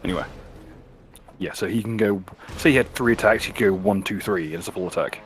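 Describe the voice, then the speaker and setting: A man running a tabletop game as game master, calmly explaining combat rules. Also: fairly low pitch, quick pace, soft background music. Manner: explains rules plainly, calm and matter-of-fact.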